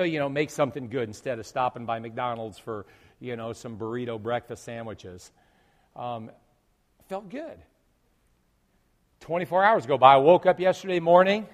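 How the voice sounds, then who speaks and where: A man preaching as pastor, telling a lively story to his congregation with groans acted out. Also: on the high side. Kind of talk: sermon. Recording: long hall reverb.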